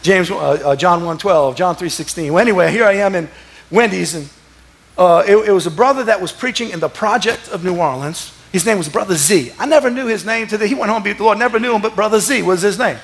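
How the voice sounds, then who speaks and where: A man, a pastor telling stories in a sermon, animated and laughing, sometimes breaking into shouts. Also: high voice, fast. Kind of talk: sermon storytelling. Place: church.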